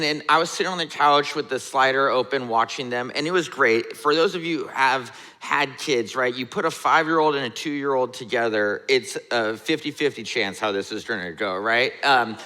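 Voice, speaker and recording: Pastor preaching with a bright voice. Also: male voice, medium pitch. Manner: conversational, relatable preaching with frequent "right?". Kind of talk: sermon. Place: church sanctuary. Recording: church hall reverb.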